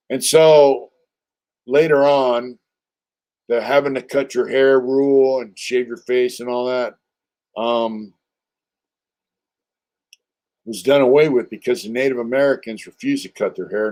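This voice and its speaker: An older man from California hosts a relaxed livestream, drifting through a story. His voice sits in an ordinary middle pitch, and his talk is loose and streetwise, full of fillers and blunt profanity. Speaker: livestream host.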